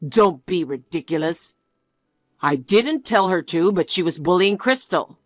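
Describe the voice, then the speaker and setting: A woman's voice: on the low side, expressive, a little slow, no echo. A woman voicing a smug, cheating young fiancé in a one-voice story narration, talking in a dismissive, self-justifying way.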